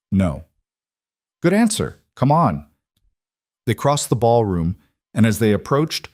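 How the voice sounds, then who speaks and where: A man reads scripted story narration in a calm, even manner. His voice is somewhat low, and the recording is close and dry with no room sound. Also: no echo.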